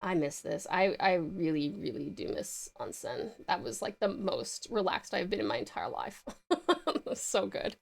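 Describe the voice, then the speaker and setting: A woman's voice: fairly low pitch, animated, moderate pace, gravelly. A woman livestreamer who sounds mostly American, with a few Australian words, chatting casually with her viewers, giggly, with frequent ums.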